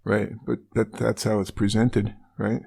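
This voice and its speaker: A man's voice: lowish voice, flat delivery, a little slow, creaky, dark tone, husky. A man co-hosting a true-crime podcast, retelling a case casually with wry asides. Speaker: podcast co-host.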